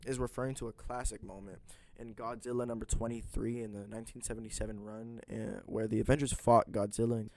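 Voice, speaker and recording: A man's voice: fairly low pitch, little pitch movement, fast talker, few pauses, darkish tone, a little hiss or hum. A man casually recapping a comic book issue, rambling with lots of fillers and chatty asides.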